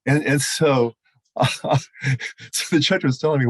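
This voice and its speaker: An older man, a retired judge, telling stories in a webinar, halting and full of fillers and restarts. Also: mid-range voice, lively intonation, slightly rough, no room sound. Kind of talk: storytelling in a webinar.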